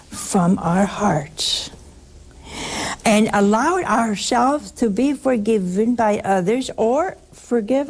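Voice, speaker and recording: A woman giving a folksy, humorous religious talk to listeners, sometimes dropping into a hushed aside. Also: a little high. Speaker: religious speaker. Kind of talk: conversational broadcast talk to listeners.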